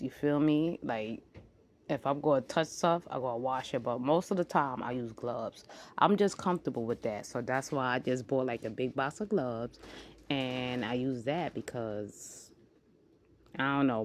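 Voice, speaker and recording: Her pitch is extremely low and her pace measured as a woman in her forties vlogs in a loose, casual monologue. She wanders from topic to topic with animation, sliding into acted-out quotations.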